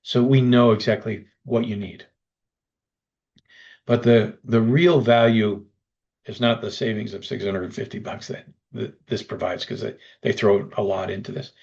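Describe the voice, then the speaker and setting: A man presenting a webinar pitch, persuasive and speaking straight to the listeners. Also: little pitch movement, moderate pace, creaky, darkish tone, highs cut off. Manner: persuasive, addresses listeners directly.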